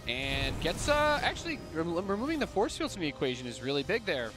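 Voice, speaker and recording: A man casting a strategy game match, calling plays excitedly and joking with his co-host. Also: on the high side, brisk, over music. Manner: excitable, jokey banter. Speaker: esports caster. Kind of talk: play-by-play commentary.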